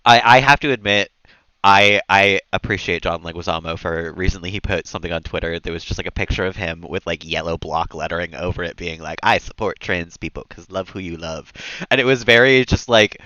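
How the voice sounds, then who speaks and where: Deep-voiced chatty man streaming a game. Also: bright, forceful tone, no echo, muffled recording. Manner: rambling and chatty, laughs often at own jokes. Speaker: live streamer. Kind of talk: casual gameplay commentary.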